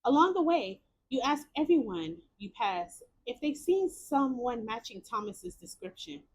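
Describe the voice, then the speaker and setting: A young woman streamer narrates a story game and reacts in excited bursts. Her fairly high voice swoops up and down a lot. She piles up repeated words when something surprises her. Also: measured pace, husky. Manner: animated, exclamatory, repeats words. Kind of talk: reading a choice game aloud with reactions.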